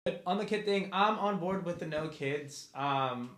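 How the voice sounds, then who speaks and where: A man's voice: a little high, measured pace, a bit bright. A young man co-hosting a casual podcast, laid-back and mocking as he talks about wedding guests. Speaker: podcast co-host, fiancé. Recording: echoey room.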